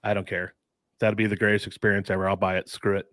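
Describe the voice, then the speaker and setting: An upbeat man co-hosts a sports podcast in a low voice. His sound is dry and close to the mic, with no room echo. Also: flat delivery, fast, fairly bright tone. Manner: enthusiastic, says dude and mm-hmm. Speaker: podcast co-host. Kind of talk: casual sports chat.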